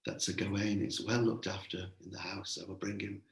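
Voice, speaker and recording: A man voicing the gracious lady of a castle, speaking softly and gently. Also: low voice, little pitch movement, a little fast, echoey room.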